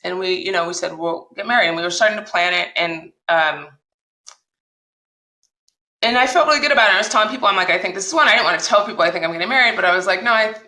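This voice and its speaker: A woman telling her personal story as a podcast guest, animated and acting out the dialogue she recalls. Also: lowish voice, quick pace, echoey room, low-quality recording. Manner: animated retelling, acts out quoted dialogue.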